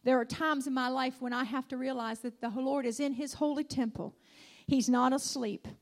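High-voiced woman preaching a fervent sermon. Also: fairly even intonation, moderate pace. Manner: emphatic, repeats lines, calls out hallelujah.

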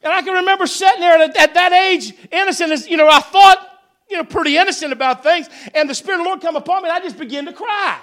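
A middle-aged male pastor preaching a sermon, telling folksy stories that swell into shouted preaching. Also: extremely high pitch, fast.

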